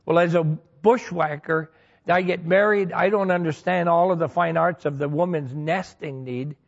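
A man's voice: a little high, fairly even intonation, moderate pace, creaky, dull audio. A pastor preaching a sermon, telling homely stories with humor to make his points. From Michigan. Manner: folksy storytelling with humor.

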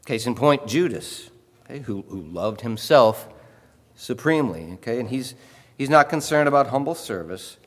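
A man preaching a sermon in a conversational way, often pausing to ask "okay?" and repeating words as he explains. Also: medium pitch, expressive. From Illinois. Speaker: pastor. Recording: long hall reverb.

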